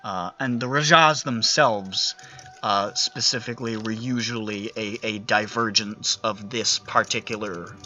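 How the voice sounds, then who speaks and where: Bright-voiced man running a tabletop game. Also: fairly low pitch, a little slow, muffled recording. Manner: relaxed, rambling, many fillers. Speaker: game master.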